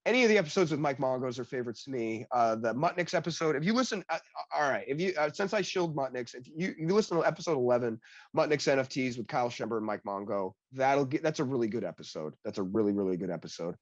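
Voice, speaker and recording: A man being interviewed as a developer, telling animated stories in casual chat, acting out quoted dialogue and leaning on "like" fillers. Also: medium pitch, fast, no room sound, muffled recording. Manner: heavy use of "like" fillers. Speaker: guest, blockchain developer.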